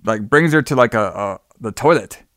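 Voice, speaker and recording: A man's voice: medium pitch, lively intonation, normal speed, a bit bright, dry recording, clean studio sound. A man casually recapping a movie plot, rambling and swearing, acting out the characters' lines and laughing as he goes. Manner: rambling, profane, acts out quotes with laughs. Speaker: podcast co-host recapping a movie.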